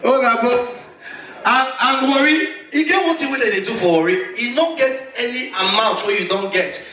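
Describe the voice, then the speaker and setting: A man with a Nigerian accent doing stand-up comedy on a concert stage, telling loud, animated stories. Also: brisk, recorded from a distance. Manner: loud, animated storytelling with sudden shifts in pitch. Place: large concert hall with live audience. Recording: echoey hall, mic off a bit, crowd noise.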